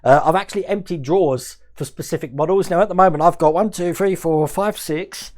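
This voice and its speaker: A man's voice: on the high side, a little fast, darkish tone. A man hosting a scale modelling livestream, chatting casually and rambling as he reads out viewers' comments and answers them.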